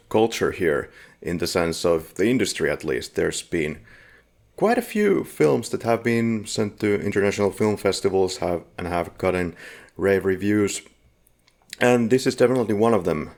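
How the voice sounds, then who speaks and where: A man hosting a podcast, giving film background in a relaxed, conversational way. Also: deep voice, creaky. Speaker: podcast host. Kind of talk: casual film discussion.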